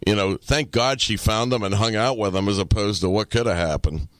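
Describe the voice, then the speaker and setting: A man hosting a podcast, talking casually with blunt, profane, dark humor. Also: on the low side, a little fast, no echo. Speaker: podcast host. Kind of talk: casual chat.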